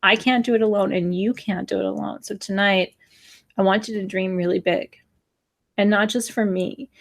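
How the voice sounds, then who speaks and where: Here a woman in her forties talks at a normal rate in a medium-pitched, even voice. As a spiritual teacher giving an earnest new moon address, she grows emotional, appeals to her audience, and sometimes dramatizes sighs and gasps.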